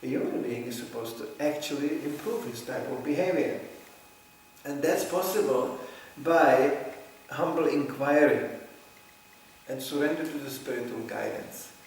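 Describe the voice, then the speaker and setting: A man's voice: mid-range voice, measured pace, darkish tone. A man giving a conversational spiritual lecture, telling anecdotes and laughing often. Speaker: preacher. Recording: echoey room, far from mic, faint noise.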